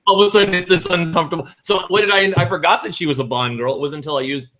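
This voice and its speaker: A man's voice: fairly high pitch, very fast, a bit bright. A middle-aged man co-hosting a chat show, talking casually in a rambling way with many restarts. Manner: rambling, restarts and self-corrections. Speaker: podcast co-host.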